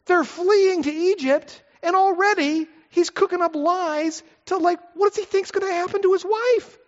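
A middle-aged pastor talks through an expository sermon in a conversational way, dropping in asides and rhetorical questions. He speaks at normal speed in a very high voice. The recording is echoey and somewhat dull, like a hall.

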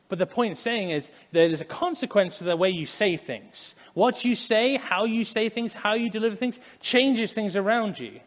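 An English man with an English accent giving a casual, conversational Bible talk, animated and acting out little asides. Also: high voice, in a large hall. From England. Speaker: Bible teacher.

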